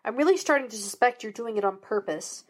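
A woman's voice: a little high, lively intonation, fast talker. A stern older father, as a woman reader puts him on, snapping and scolding with rising force. Firm and clipped.

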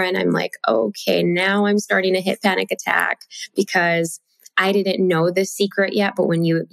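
A woman, a mother and author, telling a personal story as a guest in an expressive way, laughing now and then mid-sentence. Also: medium pitch, vocal fry, no echo.

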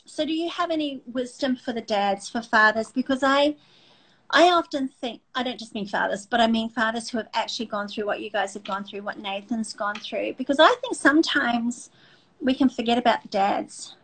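A woman's voice: a little high, normal speed, fairly bright tone, low-quality recording. A middle-aged woman hosting a faith talk show, speaking earnestly and emotionally with many restarts. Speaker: host.

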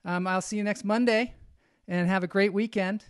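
A man hosting a podcast, wrapping up the show in a relaxed way with a few fillers. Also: high voice, moderate pace, clear, resonant tone, no echo, studio quality. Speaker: podcast host. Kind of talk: show sign-off.

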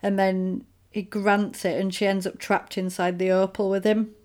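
Woman gabbing about a movie, does all the characters' voices, lively. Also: medium pitch. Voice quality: animated storyteller, acts out characters' lines in quick voices. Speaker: podcast co-host recapping a film. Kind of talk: casual chat.

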